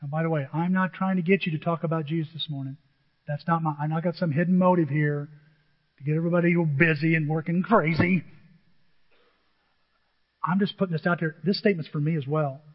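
A pastor preaching a lively sermon to his church, acting out quotes in different voices. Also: fairly high pitch, a little fast, pauses often. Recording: dull lo-fi sound with long hall reverb.

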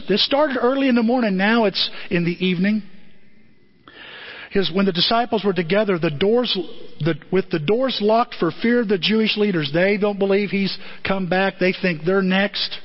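A man preaching a sermon as pastor, telling the story with animation and acting out the lines of the people in it. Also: sits high. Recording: dull lo-fi recording.

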